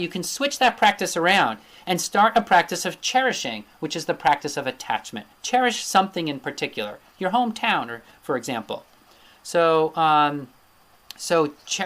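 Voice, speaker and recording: A man's voice: fairly high pitch, a bit bright. A man teaching an Ayurveda lecture over slides, thinking aloud with many fillers and frequent rhetorical "right?" tags.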